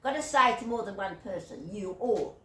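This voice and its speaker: A woman's voice: medium pitch, animated, moderate pace, pushed and bright. Chuckly older Australian woman, echoey room. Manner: chuckling, digressive, whimsical. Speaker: YouTuber. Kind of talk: rambling storytelling monologue. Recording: echoey room, distant mic, faint hiss.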